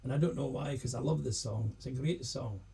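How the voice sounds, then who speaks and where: A Scottish singer-songwriter chatting casually on a live stream between songs, rambling and self-deprecating. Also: male voice, mid-range voice, a little fast, vocal fry, warm tone, slightly rough. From Scotland.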